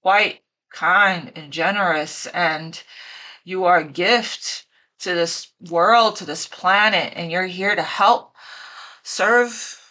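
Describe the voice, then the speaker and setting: A woman's voice: lowish voice, slow, pushed and bright. A woman giving a casual tarot reading, emotional and teary, gushing and repeating her phrases. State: teary, choked up. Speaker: tarot reader.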